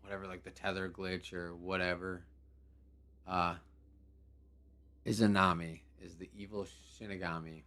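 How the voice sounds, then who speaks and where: A man hosting a live game show stream, talking casually in a relaxed, rambling way with many fillers. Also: sits low, normal speed, pauses often.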